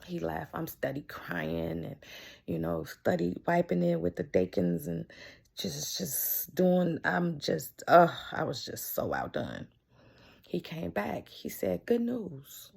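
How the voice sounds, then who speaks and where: A woman's voice: sits low, lively intonation, takes it slowly, creaky, darkish tone, breathy edge. A woman vlogger telling an emotional personal story, often repeating herself and restarting lines as she recounts what happened.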